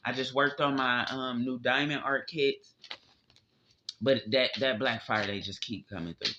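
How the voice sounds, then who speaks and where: A man's voice: fairly even intonation, measured pace, noisy background. A man doing a casual spiritual tarot reading, emphatic and profane. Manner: emphatic, profane, drifting pitch. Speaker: tarot reader. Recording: dull lo-fi audio.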